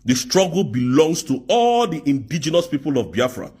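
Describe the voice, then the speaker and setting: Man, furious rant, husky, lively pitch. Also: moderate pace. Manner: insulting, shouting rebukes, swearing. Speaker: political commentator. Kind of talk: angry ranting commentary.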